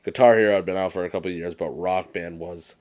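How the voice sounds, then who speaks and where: A young man co-hosting a podcast in casual chat, an animated storyteller who swears freely and acts out movie quotes. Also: sits low, fast talker. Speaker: podcast co-host.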